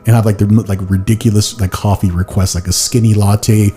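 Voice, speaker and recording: Brisk and flat, this podcast host's fairly low, warm voice carries rambling, "like"-filled stories and occasional silly put-on voices, with faint music in the background.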